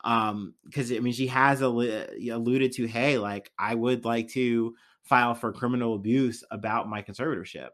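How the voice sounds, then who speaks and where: A man's voice: mid-range voice, fairly even intonation, normal speed, hardly any pauses, fairly bright tone. A young man hosting a casual podcast, rambling loosely with lots of fillers and swearing. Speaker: podcast host. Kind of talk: casual solo podcast chat.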